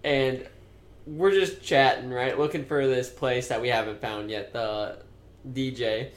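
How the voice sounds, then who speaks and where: A young man co-hosting a podcast, telling stories in an animated way with swearing and laughter. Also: mid-range voice, a little slow, echoey room. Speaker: podcast co-host. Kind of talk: casual chat.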